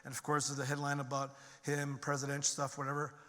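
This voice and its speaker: A man's voice: completely flat delivery, quick pace, fairly bright tone. Earnest man speaking in a big echoing hall. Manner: earnest and emphatic, climbing in pitch and volume when stirred. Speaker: conference speaker. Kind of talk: personal recovery testimony to an audience. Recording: long reverb of a large hall.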